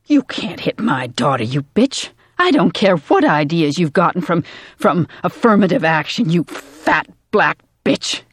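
A narrator voicing a frantic mother who shrieks in a high, strained voice, sounding far off. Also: very animated, measured pace, a bit bright, husky, no echo, studio quality, heavily acted. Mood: furious. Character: furious screaming mother, shrill.

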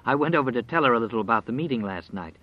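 A man voicing an anxious young man who talks in a hurried, worried way. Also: medium pitch, expressive, no room sound, close to an everyday voice. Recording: dry, slightly dull recording.

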